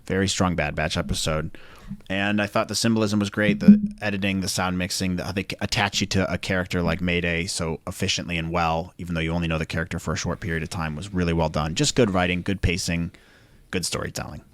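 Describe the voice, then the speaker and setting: A man's voice: low-pitched, steady tone, fast, dry recording. A man co-hosting a podcast, chatting casually, rambling and checking in with "right?". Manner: rambling, self-correcting, with tag questions. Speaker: podcast co-host. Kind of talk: casual chat.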